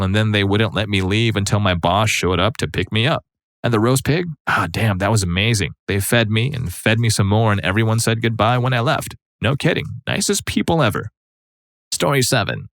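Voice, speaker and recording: A man's voice: fairly low pitch, animated, brisk, fairly bright tone, no room sound. A man narrating online stories in a conversational, wry storytelling manner.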